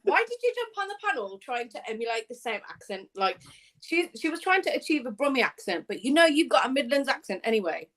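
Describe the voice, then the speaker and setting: A woman's voice: high voice, big pitch swings, quick pace, a bit bright. A woman teasing others on a live panel, giggling and putting on mock-courtroom drama. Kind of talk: casual banter on a live panel.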